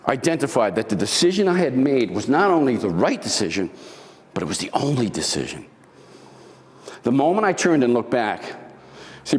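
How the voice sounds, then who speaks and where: A middle-aged man giving a motivational talk to a live audience, telling a dramatic story and acting out the lines he quotes. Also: on the high side. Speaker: motivational speaker. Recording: long hall reverb.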